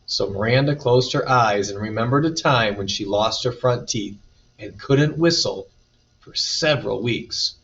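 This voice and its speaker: A man reading a children's picture book aloud with lively, expressive storytelling. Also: mid-range voice, a little slow. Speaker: storybook reader. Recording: dull distant recording.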